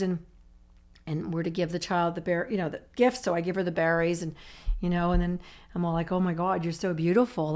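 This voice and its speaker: A woman's voice: mid-range voice, clean tone. A woman telling her own recovery story in conversation, speaking in emotional, run-on sentences full of "I'm like" asides. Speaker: author and recovery guest.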